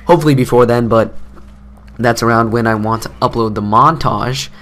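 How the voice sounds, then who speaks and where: A man's voice: medium pitch, moderate pace, a bit bright. A teenage boy doing casual gameplay commentary, telling a story in a rambling, self-mocking way. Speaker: gaming commentator.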